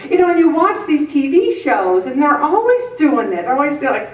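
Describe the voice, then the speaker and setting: A woman's voice: high voice, sing-song, moderate pace. A woman in her fifties giving a preachy motivational talk to a group, earnest, with humorous asides. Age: 50s. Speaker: weight-loss group leader. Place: meeting room with an audience. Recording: echoey room, voice from a distance.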